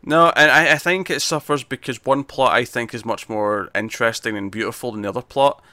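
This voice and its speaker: A man's voice: mid-range voice, steady tone, brisk, bright, forceful tone, no echo. A man, talking in a hesitant way with many restarts and fillers. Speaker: film reviewer. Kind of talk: casual film discussion.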